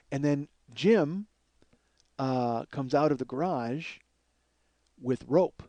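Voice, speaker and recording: A man telling a comic story from his youth in a rambling, animated way, full of fillers and acted-out quotes. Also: mid-range voice, slow pace, long pauses, no echo. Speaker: comedian host.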